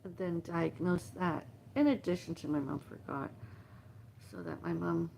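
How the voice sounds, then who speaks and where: A middle-aged woman hosting a livestream, talking in a halting, emotional, rambling monologue full of repeated lists. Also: fairly low pitch, fairly even intonation, creaky, a little mellow, slight background noise. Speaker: livestream host. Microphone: phone livestream.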